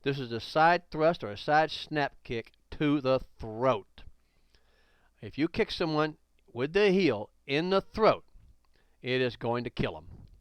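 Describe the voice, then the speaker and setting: A man's voice: mid-range voice, expressive, takes it slowly, clean tone, no echo. A man narrating a karate instruction video, blunt and emphatic, repeating warnings and punctuating with exclamations.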